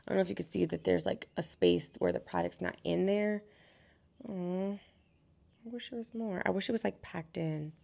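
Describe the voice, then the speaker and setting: A young woman vlogger telling a casual storytime while unboxing makeup, animated and chatty, acting out what others said. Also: on the low side, fairly quick, gravelly, few pauses. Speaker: beauty vlogger.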